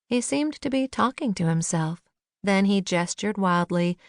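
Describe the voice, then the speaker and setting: A woman narrating a first-person novel in a measured, lightly wry manner, on a close studio mic. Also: mid-range voice, animated, no room sound. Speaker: audiobook narrator.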